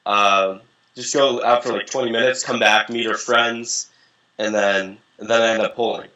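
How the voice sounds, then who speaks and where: As a guest in an interview, a young dating coach spins profane, casual stories, lively as he voices the people he quotes. He speaks in a lowish voice at a normal speed, and the recording is muffled.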